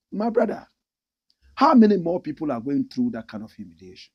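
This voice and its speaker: A middle-aged Ghanaian man hosting an animated opinion commentary, impassioned and mimicking the people he talks about. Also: mid-range voice, brisk, husky. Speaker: commentary show host.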